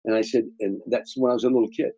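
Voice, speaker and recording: Speaking fast in a mellow, medium-pitched voice with fairly even intonation, this older guest comedian spins rambling, heartfelt stories during an interview and often repeats words. He's from the Chicago area in the USA. The audio is low quality, though free of echo.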